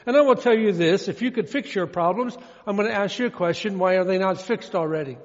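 Casting: high-pitched male pastor, folksy sermon delivery with lots of repetition, dull lo-fi church recording with long reverb. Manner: folksy preaching, repeats phrases, drawn-out quoted verses.

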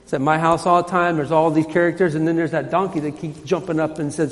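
A man's voice: on the high side, fast. A man preaching a sermon in a church, emphatic and repetitive, his voice rising when he quotes scripture. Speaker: pastor. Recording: hall reverb.

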